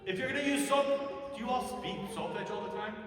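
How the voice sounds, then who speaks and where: A man's voice: very high-pitched, a little fast, crowd noise. A man teaching a singing masterclass, opinionated and blunt, breaking into sung examples to make his points. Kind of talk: vocal masterclass coaching. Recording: echoey hall from far off.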